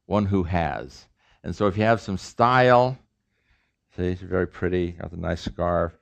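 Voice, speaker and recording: A man's voice: low voice, lively intonation, unhurried, vocal fry, no room sound. A middle-aged man teaching a classroom language lesson, playful and joking, quizzing his students as he goes. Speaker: professor teaching a Korean class. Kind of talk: classroom lecture.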